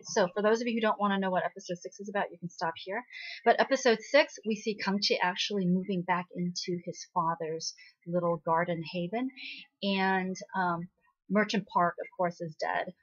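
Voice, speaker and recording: Chatty woman recapping a drama, lo-fi. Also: mid-range voice. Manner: chatty, lots of "you know" and "right?" fillers. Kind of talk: casual episode recap. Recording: slightly dull lo-fi audio.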